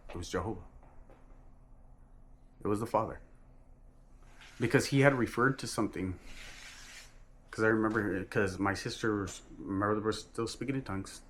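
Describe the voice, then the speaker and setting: A man telling a personal religious testimony in an earnest, halting way, often restarting and correcting himself. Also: on the low side, fairly bright tone, a little hiss or hum. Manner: earnest and emphatic.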